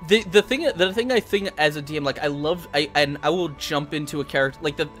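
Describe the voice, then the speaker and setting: A man's voice: on the high side, quick pace, fairly bright tone, faint music behind. A man hosting a live tabletop chat stream as the dungeon master, talking in rambling bursts with many restarts.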